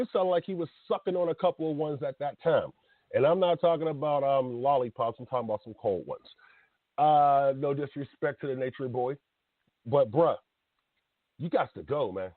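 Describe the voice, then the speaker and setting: A man's voice: medium pitch, no echo. Blunt, heated man in his thirties. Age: 30s. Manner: blunt, heated ranting with laughs and slang. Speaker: podcast host. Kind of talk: casual radio talk. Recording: tinny phone-like sound.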